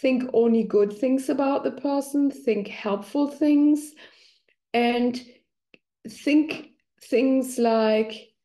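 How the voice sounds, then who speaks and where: A woman's voice: high-pitched, drawn-out words, warm tone. A middle-aged woman talking conversationally, now and then acting out quoted voices. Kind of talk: explanatory talk.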